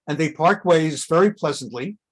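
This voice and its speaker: A middle-aged rabbi leads a relaxed text class, reading out Hebrew lines and then explaining them in plain talk. His voice jumps up when he acts out what the figures say. He digresses often before returning to the passage. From America. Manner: reads Hebrew text and translates it with asides; animated, jumps up in pitch when acting out quotes. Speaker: rabbi teaching a Bible class. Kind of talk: conversational Torah class.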